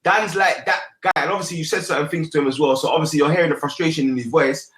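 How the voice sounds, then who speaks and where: A man's voice: a little high, fast, fairly bright tone, echoey room, rough recording. A man hosting an online panel, persuading a guest in streetwise slang and repeating his points. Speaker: host.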